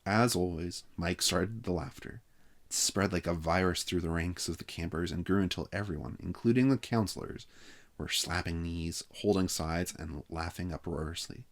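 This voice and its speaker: Deep-voiced guy reading a kids book out loud, steady and expressive. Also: moderate pace. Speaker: narrator. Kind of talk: read-aloud story narration.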